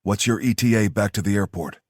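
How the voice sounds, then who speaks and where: Gruff curt soldier guy, narrator doing him, barking orders, low voice. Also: brisk, no echo, clean studio sound, close to an everyday voice. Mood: stern. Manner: curt, clipped, commanding. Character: gruff hard-edged male soldier leader.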